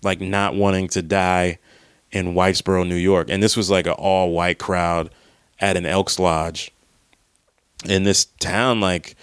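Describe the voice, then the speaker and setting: A comedian telling a rambling, profane story about a stressful drive in casual monologue. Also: male voice, low voice, measured pace, smooth, dry recording, studio quality. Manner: profane, rambling, animated retelling.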